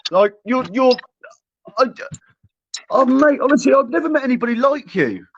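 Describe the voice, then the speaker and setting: A man's voice: very high-pitched, animated, normal speed, a little hiss or hum. A man hosting a livestream, flustered and stammering as he pleads with guests. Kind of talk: heated livestream argument. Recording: muffled lo-fi stream audio.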